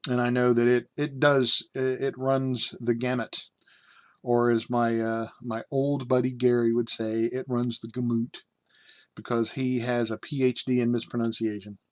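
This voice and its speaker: A middle-aged American man casually reviews a tabletop game book, rambling along with frequent fillers and self-amused, joking asides. His mid-range voice has a flat delivery at normal speed, with no room sound.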